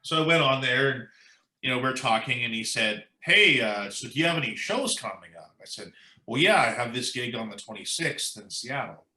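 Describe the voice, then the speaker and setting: A man tells a long story in a casual interview, acting out what others said and leaning on "like" and "you know". His voice is bright and forceful at a middle pitch. The sound is roomy, with an echo around him. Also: normal speed. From United States. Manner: animated anecdote-telling, quoting others, says "like" and "you know" a lot. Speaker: musician guest.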